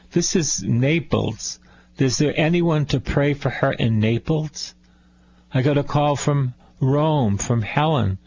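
A male priest preaching a radio sermon, unhurried, repeating phrases for emphasis. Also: medium pitch, vocal fry, a little mellow, husky, lo-fi sound.

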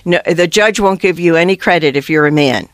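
Earnest sidewalk counselor sharing stories with a priest, chatty and halting, dry close sound. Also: mid-range voice, no echo. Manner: chatty and earnest, with many restarts. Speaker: pro-life sidewalk counselor. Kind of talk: telling stories to a priest on a talk show.

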